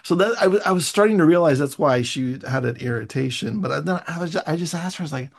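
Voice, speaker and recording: A man hosting a casual chat, telling travel stories with quick asides and laughs, over a video call. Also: fairly high pitch, animated, gravelly. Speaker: host.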